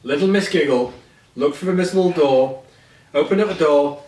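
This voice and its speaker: A man's voice: a little high, brisk, a little mellow, far from the mic. Man reading a picture book, stumbling over words. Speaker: reader. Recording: echoey room, voice away from mic.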